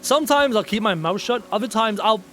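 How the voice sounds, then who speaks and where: A man's voice: high voice, animated, a little fast, a bit bright, soft background music. A man gaming at home and talking to his viewers, ranting in a blunt, opinionated way and repeating his key points for emphasis. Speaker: gaming YouTuber and streamer. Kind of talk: casual rant while playing a game.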